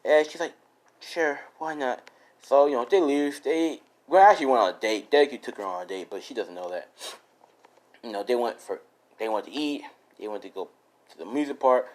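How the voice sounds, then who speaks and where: A man casually improvising a fan story out loud, rambling with many fillers and restarts. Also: medium pitch, animated, brisk, rough recording.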